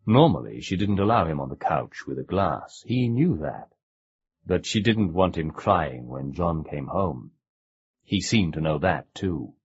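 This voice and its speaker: A man narrating an audiobook with measured, expressive storytelling. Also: deep voice, slightly rough. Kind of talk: scripted narration. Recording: dull lo-fi cassette recording.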